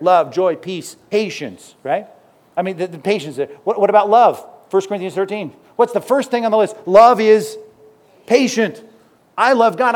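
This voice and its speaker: Male preacher with a high, light voice who talks his sermon like a chat, keeps asking the room questions. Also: darkish tone. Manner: conversational, peppered with rhetorical questions and "right?"; chuckles now and then mid-sentence. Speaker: pastor.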